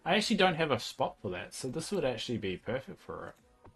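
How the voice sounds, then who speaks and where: A man's voice: medium pitch, sing-song, brisk, gravelly, fairly bright tone, breathy edge. A young man with a New Zealand accent, chatting casually as a livestreamer while he plays a game and thinks aloud with plenty of fillers.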